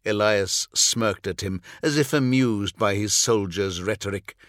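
A man narrating fiction in a measured, dramatic way, close to the mic. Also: fairly low pitch, a bit bright, dry recording. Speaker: audiobook narrator.

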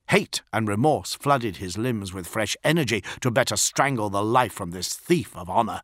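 A man giving dramatic scripted narration of an audiobook in a measured, grave way. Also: on the low side, a bit bright, no room sound, clean studio sound.

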